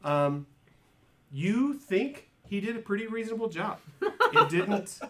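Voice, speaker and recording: Halting male game master. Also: sits high, very animated, fairly bright tone. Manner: halting, repeats words, many fillers. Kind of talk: narrating a tabletop game.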